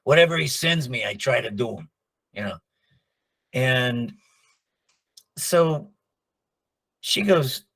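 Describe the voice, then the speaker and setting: A man's voice: medium pitch, takes it slowly, pauses often. A middle-aged man, a voice actor, telling stories in a casual interview and acting out the people he quotes. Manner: animated, acts out quoted dialogue. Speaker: voice actor guest.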